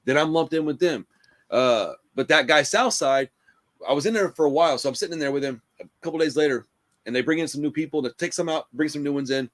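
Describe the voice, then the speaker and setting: A man, hosting a casual chat and telling a rough story in a profane, animated way, full of "bro" and "dude.". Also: fairly high pitch, fast. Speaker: podcast host.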